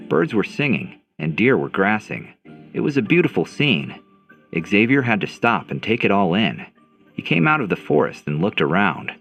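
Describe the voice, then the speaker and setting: A man narrating a fantasy audio novel in a dramatic storytelling manner. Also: fairly bright tone. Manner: dramatic storytelling, swinging pitch. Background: faint background music.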